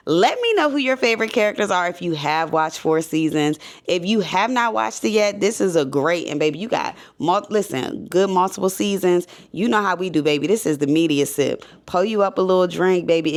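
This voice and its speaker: A woman reviewing a TV series in a casual, enthusiastic way, chatting to viewers. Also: lowish voice. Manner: enthusiastic, chatty, addresses viewers as y'all and baby. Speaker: show review vlogger.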